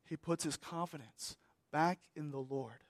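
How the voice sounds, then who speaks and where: A man preaching a sermon as pastor, repeating key words and swinging between emphatic raised passages and hushed, trailing phrases. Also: a little high, unhurried, dry recording.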